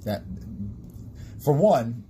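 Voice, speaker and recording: Guest storyteller: male stage tech, laughing, lively pitch, slight background noise. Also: extremely slow. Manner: laughing storyteller, animated, trailing restarts. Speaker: guest, stage sound and lighting technician. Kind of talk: casual chat.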